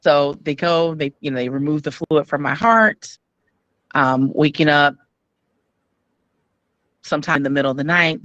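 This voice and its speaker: A woman guest frankly recounting her own experience in an interview, pausing often with "um". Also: sits low, fairly bright tone, no echo. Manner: earnest, frank, many "um" pauses. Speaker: guest telling her story. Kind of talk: candid personal storytelling.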